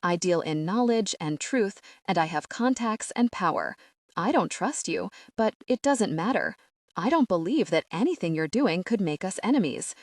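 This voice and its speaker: An earnest young queen presses her case, guarded but sincere. A woman reads her in her own low voice in a dry, close audiobook recording. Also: lively intonation, normal speed, no room sound.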